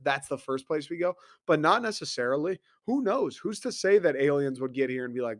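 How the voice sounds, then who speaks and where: A man's voice: on the high side, lively intonation, brisk, fairly bright tone, no echo, clean studio sound. A young man hosting a solo podcast, rambling casually, swearing freely and acting out little voices as he talks. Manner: rambling, profane, acts out voices. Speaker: podcast host.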